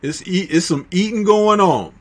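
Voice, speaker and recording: A Chicago man with a fairly high voice hosts a live stream chat. He talks loosely in slang and breaks into laughter often. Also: moderate pace. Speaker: livestream host reading chat.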